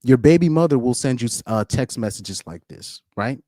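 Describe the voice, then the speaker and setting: A man's voice: medium pitch, lively intonation, moderate pace, warm tone, dry recording, studio quality. A man doing casual live-stream commentary, rambling and repeating words, often breaking into laughs.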